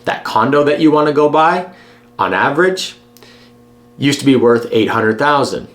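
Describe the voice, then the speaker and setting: This is a man with a medium-pitched voice, speaking straight to camera. His delivery is blunt and emphatic, with a persuasive push behind each point. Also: expressive, normal speed. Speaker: real estate agent. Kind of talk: direct-to-camera advice vlog.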